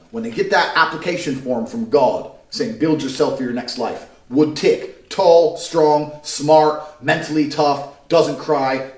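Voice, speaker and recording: A brash, emphatic man holds forth as a podcast guest, his voice sitting a little high for a man. He swears freely and hammers his points home. The recording has a roomy echo around it. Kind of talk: blunt podcast talk.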